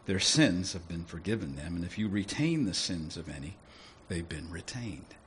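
A man preaching a sermon in a lively, conversational way, often asking his listeners questions. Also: low-pitched, moderate pace, slight background noise. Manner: animated, conversational, asks the audience questions.

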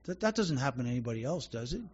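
A man's voice: medium pitch, big pitch swings, racing, slightly rough, highs cut off. A man preaching a sermon as pastor, earnest and conversational, often restarting his sentences.

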